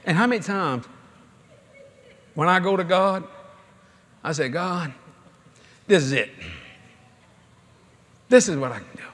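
A man's voice: high-pitched, a little slow, long pauses. A middle-aged man, preaching a sermon in a folksy storytelling way at a large convention. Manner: folksy, animated storytelling with laughter.

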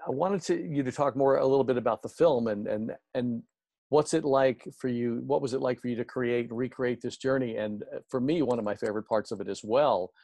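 A man's voice: medium pitch, brisk, vocal fry, darkish tone, dry recording. Enthusiastic male host, dry sound. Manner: enthusiastic, rambling questions. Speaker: show host. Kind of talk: interview on a video call. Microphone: video call.

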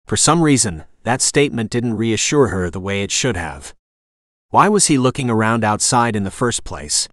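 Low-voiced man narrating a novel. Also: big pitch swings, normal speed, a bit bright, no echo, clean studio sound. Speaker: audiobook narrator. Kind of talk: scripted narration.

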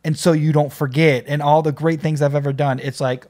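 A man's voice: on the high side, little pitch movement, brisk, darkish tone. A man hosting a music reaction video, talking casually and enthusiastically with many fillers and restarts.

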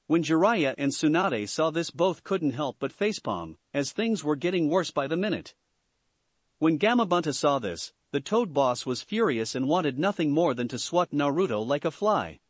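A man narrating a fan fiction story in a plain, steady reading voice. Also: on the high side, normal speed, dry recording. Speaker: story reader.

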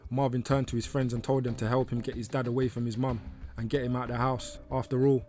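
A man narrating a documentary in a steady, scripted read. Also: mid-range voice, fast. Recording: narration over faint music.

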